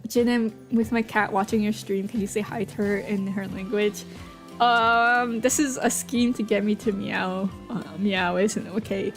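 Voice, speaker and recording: A woman chats casually with her viewers on a stream, rambling playfully and giggling, her speech full of fillers and restarts. Her mid-range voice is steady and a little slow, and faint music plays in the background.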